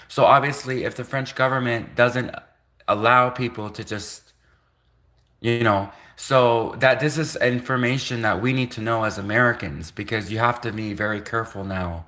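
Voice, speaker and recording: Bright-voiced man rambling on a livestream. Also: medium pitch, moderate pace. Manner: sarcastic, rhetorical questions, many restarts. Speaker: livestream host.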